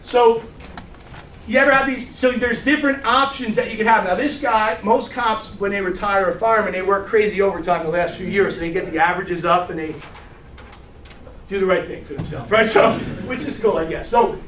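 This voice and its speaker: A middle-aged man with a fairly high voice runs a brash, salty sales training session. He sounds distant and echoey, as if a mic across the room caught him. A faint hiss of room noise sits under his talk. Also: fairly quick, fairly bright tone. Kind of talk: energetic training talk with stories.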